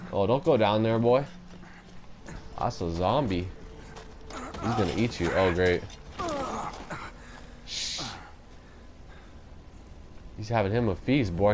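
Young male let's-play host, lowish voice, nervous jokey running commentary. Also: slight background noise. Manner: excitable, talks to himself, jumpy and joking. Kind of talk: casual gameplay commentary.

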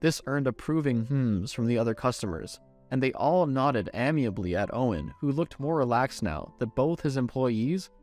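A man's voice: medium pitch, moderate pace, soft background music. A man reading a romance story aloud as first-person scripted narration. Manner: expressive storytelling.

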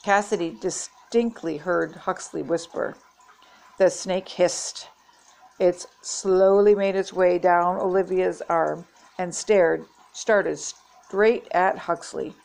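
Gravelly-voiced grandma reading aloud. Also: female voice, fairly low pitch, steady tone, slow, darkish tone. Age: older. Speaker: storybook reader. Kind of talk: reading a children's book aloud.

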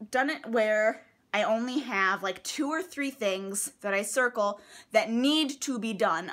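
A woman's voice: medium pitch, a bit bright. A young woman talking casually at home about her to-do lists, chatty and rambling. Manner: chatty, rambling, laughs at herself. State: out of breath. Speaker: vlogger. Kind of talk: casual vlog chat. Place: at home, indoors.

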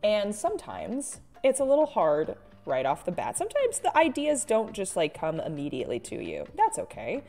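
A woman's voice: medium pitch, huge pitch swings, moderate pace, creaky, hardly any pauses, dark tone, soft background music. A woman artist chatting casually and poking fun at herself while she draws on a live stream. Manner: chatty, self-mocking, with frequent laughs and sighs.

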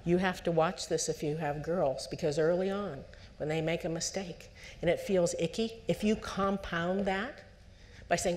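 A woman psychologist giving a lecture to parents at a conference, lively and conversational, putting on the voices of parents and children and asking the audience questions. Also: on the low side, moderate pace. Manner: asks the audience direct questions.

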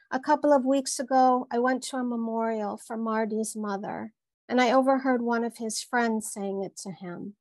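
A woman author reading aloud from her novel in a measured, unhurried way. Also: a little high, vocal fry, a little mellow, no room sound.

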